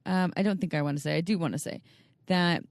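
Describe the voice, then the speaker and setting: A woman's voice: on the low side, fast talker, vocal fry, dry recording, clean studio sound. A woman co-hosting a casual podcast, talking in an earnest, coaching way with frequent restarts. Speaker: podcast co-host.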